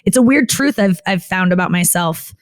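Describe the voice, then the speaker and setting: Speaking at a normal pace and with plenty of expression, this woman is a comedian being interviewed on a frank podcast. She wanders through her thoughts, peppering them with "like," interrupting herself and restarting, and her voice climbs higher as she mimics other people's lines. There's no room sound.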